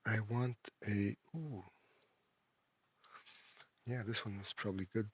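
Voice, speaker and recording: A man, an indie game developer and a father, talks through his game in a casual devlog, halting and full of fillers and restarts. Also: on the low side, steady tone, husky, muffled recording. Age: adult, a parent. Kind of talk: casual screen-recorded devlog.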